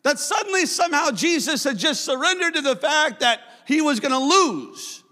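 High, bright-voiced preaching pastor. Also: male voice, expressive, moderate pace. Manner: impassioned preaching, swelling to shouts. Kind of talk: sermon. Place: church sanctuary. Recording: long church hall reverb.

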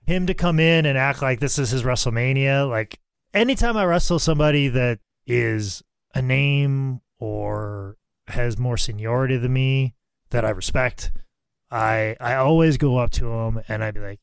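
Smooth-voiced man in casual chat. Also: medium pitch, normal speed, dry recording. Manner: rambling, swears freely. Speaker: wrestler and podcast co-host.

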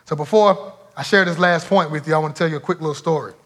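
A man's voice: a little high, fast talker, a bit bright. A man preaching as a pastor, driving points home by repeating phrases. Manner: emphatic, repeats phrases for effect. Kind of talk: sermon.

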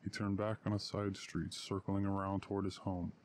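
A man reading a story aloud in a measured, steady way. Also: deep voice, a little hiss or hum. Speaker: narrator.

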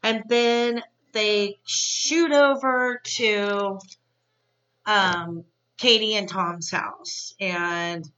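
A woman's voice: medium pitch, fairly even intonation, extremely slow, bright, forceful tone, far from the mic, highs cut off. A woman podcast host giving a casual, chatty, opinionated episode recap. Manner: chatty and opinionated, many fillers.

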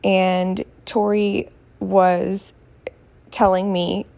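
A woman hosts her podcast from home rather than her usual podcasting room, chatting casually and telling stories with self-mockery. Her mid-range voice is dark and flat, with vocal fry, and she speaks extremely slowly.

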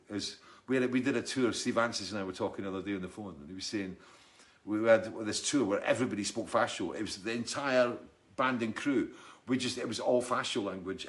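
A middle-aged musician with a fairly low pitch and fairly bright tone chats on his live stream, reading viewer comments aloud and wandering into rambling stories, always chatty and joking.

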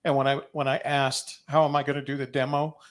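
Flat-voiced man co-hosting a chat. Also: mid-range voice, brisk. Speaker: podcast co-host. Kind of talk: casual interview chat.

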